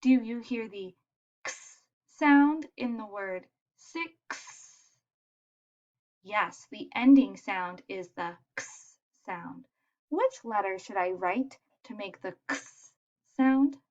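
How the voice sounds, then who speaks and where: A woman teaching young children letter sounds in a patient, encouraging way, modelling each sound clearly. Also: medium pitch, takes it slowly, darkish tone, lo-fi sound. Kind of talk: phonics lesson for young children.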